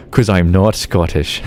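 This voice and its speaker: A man's voice: low-pitched, a little mellow, a little hiss or hum. A man with an Australian accent chatting casually with his live-stream audience while gaming, rambling with lots of filler words. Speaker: game streamer.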